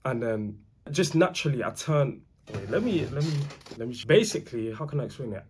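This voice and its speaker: A young man, rambling through a casual storytime in animated slang. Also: mid-range voice, fairly quick, a little hiss or hum. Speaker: vlogger.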